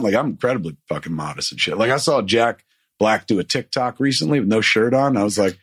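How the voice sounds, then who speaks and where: Husky man telling a profane story. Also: on the low side, lively intonation, fast, a bit bright, no echo, clean studio sound. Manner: profane, rambling, acts out quotes. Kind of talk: casual storytelling.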